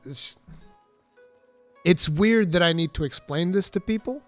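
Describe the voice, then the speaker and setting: A man's voice: sits high, a little slow, faint music behind. A man reading a news article aloud and breaking off into sarcastic, exasperated commentary. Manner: sarcastic, exasperated asides between read passages. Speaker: commentary streamer.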